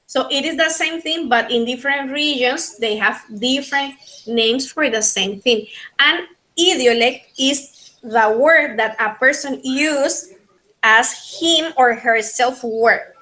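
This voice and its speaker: A woman with a Panamanian Spanish accent teaching an online linguistics class in English, her second language, repeating key points slowly. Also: high-pitched, pushed and bright, rough recording. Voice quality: slow, repetitive teaching delivery. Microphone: video call.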